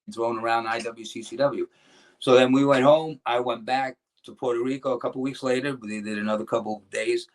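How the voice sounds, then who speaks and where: A middle-aged man tells old stories in a relaxed interview. He rambles and restarts his sentences, slipping into the voices of people he quotes. His pitch sits in an ordinary male middle range. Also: brisk. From New Jersey. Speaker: guest, former pro wrestler. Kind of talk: casual interview storytelling.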